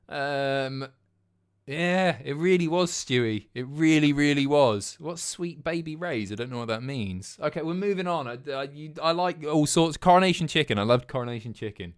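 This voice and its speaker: A man's voice: a little high, expressive, normal speed, smooth. A man streaming live, reading out viewer messages and answering them in loose, sweary banter. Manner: banters with chat, swears freely. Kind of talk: casual chat.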